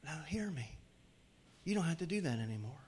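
A man preaching a sermon to his congregation in a church, joking with the crowd and swinging from loud calls to hushed pleading. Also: a little high, sing-song, fairly quick, slightly rough. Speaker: pastor. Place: church sanctuary.

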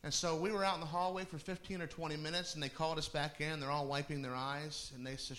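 A man's voice: on the high side, flat delivery, quick pace, few pauses, a bit bright. Man telling a sermon story. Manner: conversational, with laughing asides and restarts. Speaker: pastor.

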